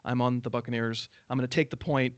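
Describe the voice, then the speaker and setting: A man's voice: mid-range voice, fairly even intonation, fast talker, no echo, lo-fi sound. A man hosting a casual sports betting chat, rambling with self-mocking asides. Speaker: host. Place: in Los Angeles.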